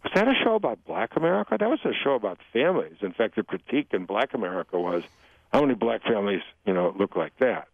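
An older man, a guest author, telling jokes and talking about humor in a radio interview, animated and given to slipping into voices. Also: lowish voice, fast, creaky, dry recording. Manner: animated storyteller, jumps into joke voices. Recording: dry tinny radio phone-line sound.

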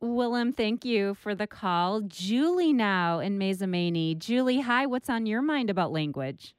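A woman hosting a radio call-in show, who moves briskly and warmly from one caller to the next. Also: medium pitch, lively intonation, clear, resonant tone, dry recording, clean studio sound. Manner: brisk and friendly, keeping the calls moving. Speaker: radio host.

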